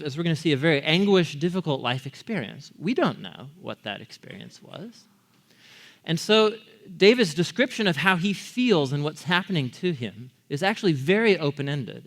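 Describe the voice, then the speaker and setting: A man's voice: fairly high pitch, a bit bright. A man preaching a sermon as pastor, talking to the congregation in a conversational way and asking them questions. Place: church.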